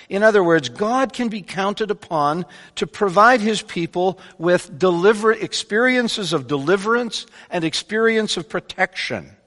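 A man preaching a sermon to his congregation, animated, swinging between loud emphatic bursts and quiet asides. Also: high voice, moderate pace. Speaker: pastor. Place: church sanctuary. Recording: long church hall reverb.

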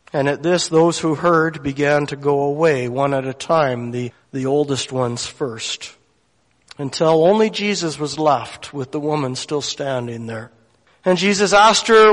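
A man's voice: a little high, unhurried, fairly bright tone, big-room sound. A man preaching a sermon, telling a story earnestly and emotionally, acting out the dialogue of the people in it.

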